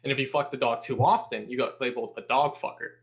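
A young man, a podcast guest, telling casual stories and swearing constantly in a sarcastic, animated way. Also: mid-range voice, quick pace. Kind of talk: casual profane storytelling.

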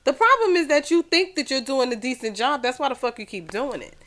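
A woman's voice: high voice, expressive, fairly quick, over a noisy crowd. Blunt New York woman podcaster. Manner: blunt, profane, emphatic. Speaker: podcast co-host. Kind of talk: casual chat.

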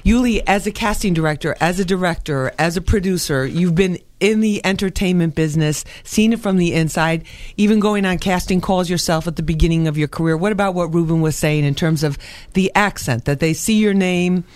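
High-voiced male TV host. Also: a little fast, no echo. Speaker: morning show host. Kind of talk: TV panel moderation.

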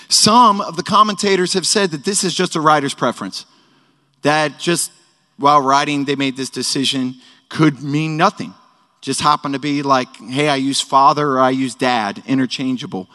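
His voice a little high, pushed and bright, a thirty-something man gives a sermon during a worship service. He keeps things casual and jokey with many conversational asides, and the hall's reverb makes it echoey.

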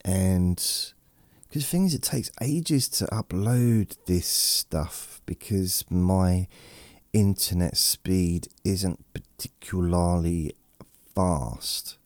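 A man rambles through a bedtime podcast in a deep, gravelly voice. He talks slowly and drowsily, wandering off topic with self-deprecating asides. The sound is dark, dry and close, processed to feel soothing. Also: dry recording. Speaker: podcast host. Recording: processed close-mic studio voice.

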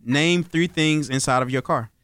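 A man with a fairly high, bright, crisp voice, recorded dry and close. He reads game questions with playful teasing and lets his lines trail off quietly, with faint music underneath. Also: moderate pace, no room sound. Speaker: podcast co-host and game reader. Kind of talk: casual podcast banter.

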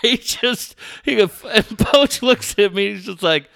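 A man's voice: high voice, unhurried, vocal fry, a bit bright, no room sound, studio quality. A middle-aged man hosting a sports talk show, telling a profane story with lots of laughter. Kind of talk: casual storytelling chat.

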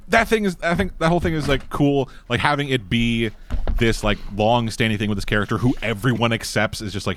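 Animated crude-talking man. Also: medium pitch, quick pace, slight background noise. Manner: animated, crude, laughs often. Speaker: podcast co-host. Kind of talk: casual chat.

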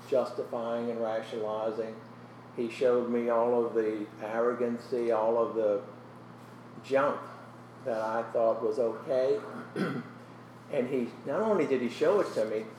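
Middle-aged man, earnest testimony, slips soft and emotional, echoey room with a distant mic. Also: mid-range voice, slight background noise. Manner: earnest storytelling, often drops to a soft, emotional voice. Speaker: guest sharing his testimony. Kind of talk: personal testimony in a Christian interview.

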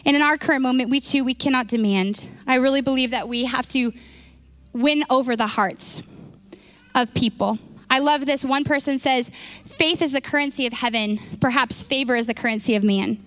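A woman pastor preaching a sermon, retelling a story with lively acted-out dialogue and frequent restarts. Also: high voice, normal speed. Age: young adult.

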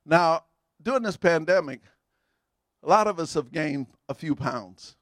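A middle-aged pastor with a high, ringing voice preaches a sermon in call-and-response style, calling for amens and punching certain words with sudden shouts. He is expressive and unhurried, and the sound is close and dry with no room echo.

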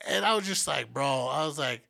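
A male podcast host with a bright, forceful voice that sits a touch high, telling stories in a loose, animated way. He swears constantly and acts out the quotes in his stories. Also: fairly quick, creaky. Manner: profane, animated storytelling with acted quotes. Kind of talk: casual storytelling chat.

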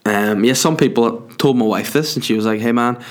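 A man's voice: lowish voice, a little fast. A man delivering a profane, rambling comic rant, worked up and exaggerating. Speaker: comedian.

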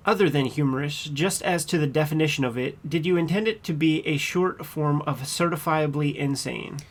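A man playing a persistent trial attorney who cross-examines a witness in a measured, pointed way, reading from a court transcript. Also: on the high side, close to an everyday voice. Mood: pressing.

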